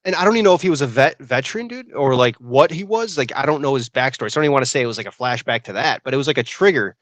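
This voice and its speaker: A young adult man co-hosting a podcast, telling stories in a casual, animated way and saying "dude" a lot. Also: mid-range voice, rapid-fire, no room sound. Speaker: podcast co-host. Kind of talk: casual chat.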